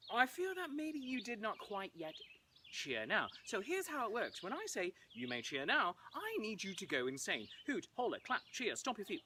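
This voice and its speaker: A man performing as a comic Shakespeare, hosting a playful interactive show for viewers at home and breaking into nursery-rhyme singing. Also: high voice. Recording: loud background noise.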